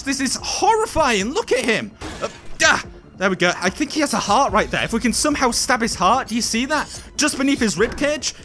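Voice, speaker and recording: Excitable high-voiced gaming host. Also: male voice. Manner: excitable, exclaiming, jokey asides to enemies. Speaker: gameplay host. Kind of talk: excited VR gameplay commentary.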